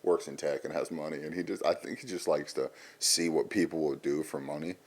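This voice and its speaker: A man chatting casually as a podcast guest, laughing and swearing, sometimes dropping to a low mumble. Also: fairly even intonation, a little fast, darkish tone. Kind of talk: casual chat.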